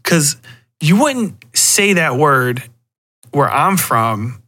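Profane rambling man with a bright voice. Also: fairly high pitch, very slow, no room sound, clean studio sound. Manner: profane, rambling, animated, frequent restarts. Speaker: podcast host. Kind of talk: casual solo rant.

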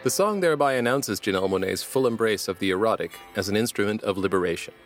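A male academic reading his nonfiction book aloud in a measured, reflective way. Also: lowish voice, faint music behind. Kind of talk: scripted nonfiction narration.

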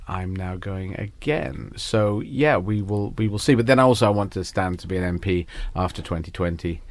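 English male guest, low-pitched, rambling and self-correcting, dry close sound. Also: no echo. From England. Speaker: guest, comedian and politician. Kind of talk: casual interview answers.

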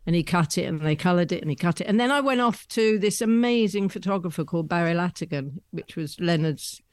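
A woman, a guest telling rambling stories about her past with soft laughs. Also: fairly low pitch, animated, a little fast, no room sound. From London, England. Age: 70s. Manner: chatty, rambling storyteller with frequent soft laughs. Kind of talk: conversational anecdotes.

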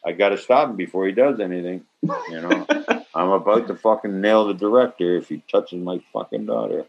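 An older man on a video call telling an animated anecdote, acting out quotes with swearing and sudden loud bursts. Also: on the low side, fairly quick, gravelly. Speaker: actor interview guest. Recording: slightly muffled video-call audio.

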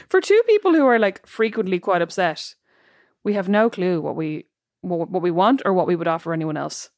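A woman's voice: lowish voice, animated, moderate pace, no echo, studio quality. A young adult woman, co-hosting a casual chat and telling self-mocking stories. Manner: chatty, self-mocking storyteller. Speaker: podcast co-host.

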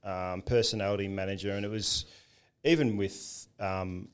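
A man's voice: low-pitched, steady tone, normal speed, smooth. A man with an Australian accent in casual chat, easygoing and chuckling as he recalls his playing career. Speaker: former professional footballer.

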